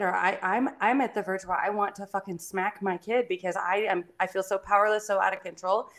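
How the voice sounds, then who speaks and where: A woman's voice: medium pitch, fairly even intonation, fairly quick, few pauses, a bit bright. A young adult woman chatting candidly on a podcast, swearing freely and stumbling over restarts. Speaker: podcast co-host. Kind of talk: casual podcast chat.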